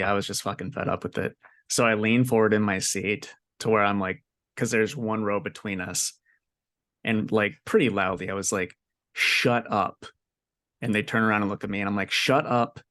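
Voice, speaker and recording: A man's voice: lowish voice, steady tone, fairly quick, fairly bright tone. Profane, exasperated young man chatting. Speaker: podcast co-host. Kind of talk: casual chat.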